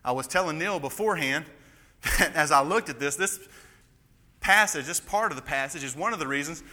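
A man's voice: fairly high pitch, moderate pace, bright, forceful tone. A man preaching an expository sermon, emphatic and building to fervent passion. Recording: long reverb of a large hall.

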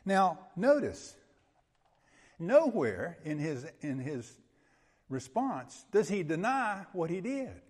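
A man's voice: a little high, very animated, slow, a little mellow, husky. A male pastor preaching an expository sermon in an emphatic, conversational way, often checking in with his listeners. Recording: long hall reverb.

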